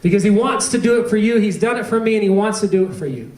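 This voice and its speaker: Man preaching, high voice, humorous storytelling, roomy church sound from a distance. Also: lively intonation, quick pace, darkish tone. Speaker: pastor. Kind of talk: sermon. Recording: echoey church hall, distant mic.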